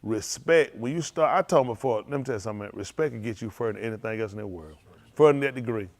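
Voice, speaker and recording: A man, a preacher telling loose, animated stories to his congregation, laughing often and repeating himself as he goes. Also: medium pitch, racing. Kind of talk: loose storytelling sermon.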